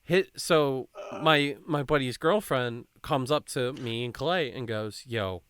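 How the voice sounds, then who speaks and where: A young man hosts a podcast, chatting casually through a rambling, swear-filled story and quoting people as he goes. His mid-range voice is slow, fairly bright, clear and resonant. The recording is clean studio sound with no echo.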